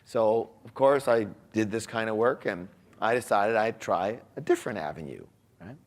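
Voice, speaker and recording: A man's voice: on the low side, lively intonation, moderate pace. A man giving a motivational talk who tells a personal story and poses rhetorical questions to his audience before answering them himself.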